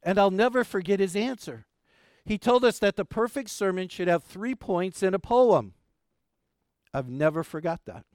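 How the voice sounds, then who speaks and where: A middle-aged pastor preaching an Easter sermon, folksy and animated when telling stories, soft and gentle in prayer. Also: male voice, sits high, moderate pace, clear, resonant tone, no echo, studio quality. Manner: folksy, animated storytelling with jokes.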